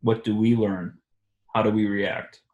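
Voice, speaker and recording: Halting, reflective man in an echoey room. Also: lowish voice, little pitch movement, darkish tone, highs cut off. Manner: halting, full of restarts and fillers. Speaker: discussion host. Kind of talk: reflective religious discussion.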